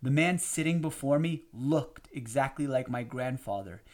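Guy narrating a memoir audiobook, steady and measured, average pitch.

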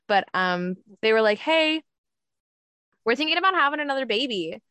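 A woman's voice: mid-range voice, fairly quick, sharp tone, no echo. A woman talking casually about being a surrogate. She laughs often and acts out what other people said. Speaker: surrogate mother telling her story. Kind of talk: casual storytelling chat.

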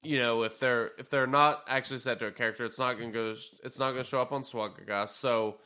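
Bright-voiced man chatting casually about a game. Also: medium pitch, fast, smooth. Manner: relaxed, rambling, frequent fillers. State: tired, yawning. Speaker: podcast co-host. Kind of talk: casual gaming podcast chat.

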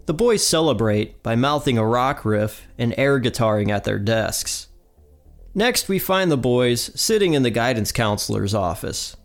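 A man hosting a podcast, retelling an episode in a plain narrating manner. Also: medium pitch. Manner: plain retelling with quoted lines. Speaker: podcast host.

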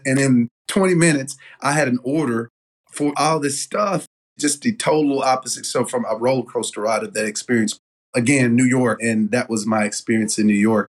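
A middle-aged man tells stories as an interview guest. He is animated and loose, with lots of fillers. His pitch sits in an ordinary middle range. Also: moderate pace. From Southern United States. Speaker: guest, denim company owner. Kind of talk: casual interview storytelling.

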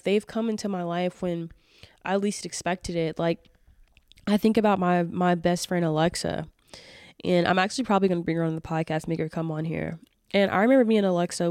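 A woman's voice: lowish voice, darkish tone, smooth, dry recording, studio quality. A woman, hosting a solo podcast and speaking earnestly and emotionally, with lots of fillers and restarts. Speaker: podcast host.

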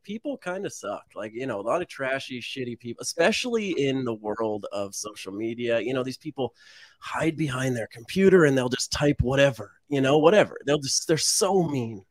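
A man's voice: medium pitch, moderate pace. A man guest in a casual interview, telling stories with plenty of swearing and laughter. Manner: animated storytelling, swears freely, laughs often. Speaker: guest, meme page creator.

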